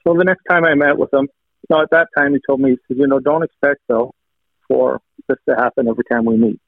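A man earnestly shares a personal testimony, retelling conversations line by line with stacked quoted "he said" lines and thanking God along the way. His medium-pitched voice is quick with fairly even intonation. The line is thin and phone-like, dry with no echo.

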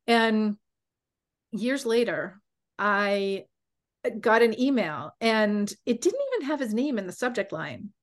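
A woman coach and podcast host telling a personal story in an animated way, acting out the voices of the people in it. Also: medium pitch. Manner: animated, acts out quoted voices.

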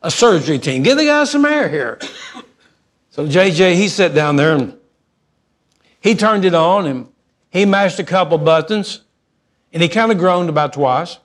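Folksy pastor preaching. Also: male voice, on the high side. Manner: folksy, animated, shifts between fast asides and slow emphasis. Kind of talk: sermon storytelling.

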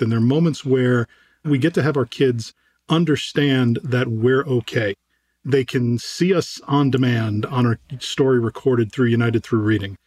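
A middle-aged man hosting an interview, speaking in a measured, sincere way. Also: mid-range voice, darkish tone. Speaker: interview host, CEO. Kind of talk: interview question.

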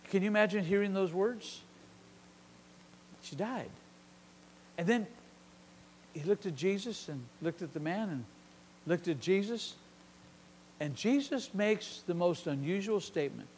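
A man's voice: high voice, animated, unhurried, long pauses, in a large hall, slight background noise. A middle-aged man preaching a sermon as a pastor, dramatically acting out the lines of the Bible characters.

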